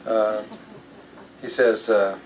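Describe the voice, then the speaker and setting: A man's voice: on the low side, flat delivery, extremely slow, a little hiss or hum, poor audio. An older man, a spiritual speaker, tells a rambling anecdote to a live audience, with fillers and self-corrections along the way. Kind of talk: storytelling talk to an audience.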